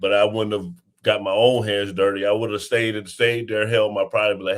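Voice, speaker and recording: A man who is a father, giving his views on a casual podcast panel in a measured way. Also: fairly low pitch, level tone.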